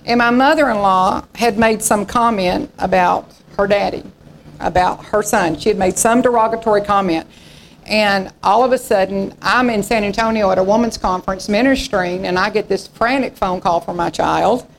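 A woman's voice: mid-range voice, slight background noise, poor audio. A woman pastor in her sixties, preaching in a folksy storytelling way and acting out the voices in her stories. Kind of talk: sermon.

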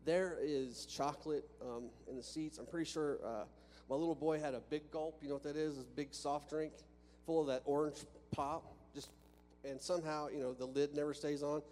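A man's voice: fairly high pitch, fairly even intonation, normal speed, hardly any pauses, darkish tone. A man preaching a sermon to a congregation in a church, talking conversationally with restarts and rhetorical questions. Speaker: pastor. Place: church sanctuary with a balcony. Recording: long reverb from a church hall with faint hum.

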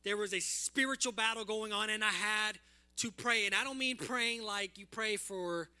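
High, sharp-voiced fervent preacher man. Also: normal speed, clean tone. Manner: emotional, fervent, calls out to the congregation. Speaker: guest preacher. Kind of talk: sermon with prayer and testimony.

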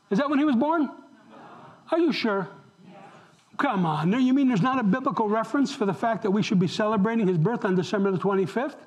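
A pastor with a very high-pitched voice preaches a sermon in a rough recording. He's animated, addressing the congregation directly and firing questions at them.

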